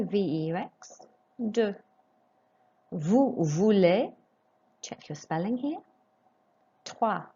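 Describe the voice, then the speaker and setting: A woman teaching a French lesson, modelling phrases slowly and clearly for pupils to repeat. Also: lowish voice, darkish tone, muffled recording. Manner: slow, clearly modelled French pronunciation with rising questions. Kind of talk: recorded classroom lesson.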